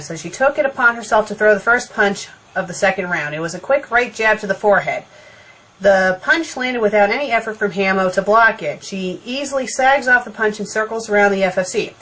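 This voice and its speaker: A woman's voice: medium pitch, a bit bright. A young woman reading a fan story aloud for a comedy show, breaking off for dry, sarcastic remarks. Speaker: fanfiction critic and reader. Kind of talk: comedic fanfiction reading with commentary.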